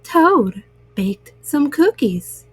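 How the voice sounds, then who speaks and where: A woman reading bedtime stories aloud to young listeners, gentle and soothing. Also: sits high, big pitch swings, drawn-out words, dry recording. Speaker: storyteller.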